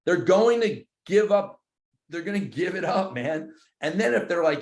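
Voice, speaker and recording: A man's voice: high-pitched, expressive, moderate pace. A man leading a live training session for his team of agents, talking casually with slang and acting out both sides of phone calls. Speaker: real estate team trainer. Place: meeting room with a group. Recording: roomy echo.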